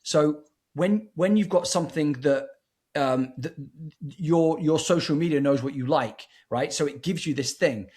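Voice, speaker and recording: A man's voice: fairly high pitch, unhurried, a little mellow, slightly rough. A man who is a guest on a film review podcast, talking in an eager, rambling way with many restarts. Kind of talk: casual film review chat.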